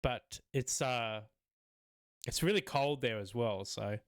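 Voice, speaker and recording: A man's voice: medium pitch, slow, clean tone, no room sound, clean studio sound. A man, co-hosting a casual podcast chat, rambling and laughing often. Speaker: podcast co-host.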